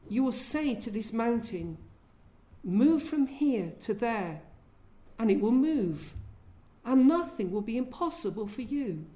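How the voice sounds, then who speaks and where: A woman's voice: a little high, dark tone. A woman preaching a sermon in an earnest way, often asking her listeners questions.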